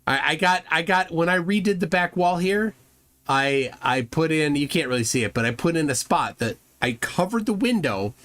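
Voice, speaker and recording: A man hosting a casual reaction show, sarcastic and quick to laugh loudly at what he watches. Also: fairly high pitch, animated, no echo. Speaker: host reacting to videos. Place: home room with a fan running.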